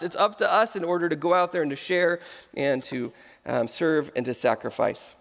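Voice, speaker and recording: Animated male pastor, echoing hall. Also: fairly high pitch, brisk. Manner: animated storytelling, acts out quoted voices. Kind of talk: sermon. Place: church auditorium.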